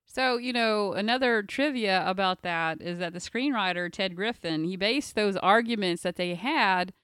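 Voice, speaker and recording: A woman co-hosting a relaxed movie chat, her voice smooth and clean as she shares trivia. The sound is dry and close to the mic. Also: medium pitch, normal speed, no room sound. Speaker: podcast co-host.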